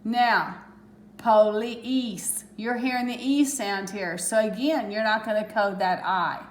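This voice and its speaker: A woman's voice: medium pitch, normal speed, reverberant. A woman teaching a phonics lesson to children, patient and step by step, stretching out the sounds of words. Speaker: reading teacher.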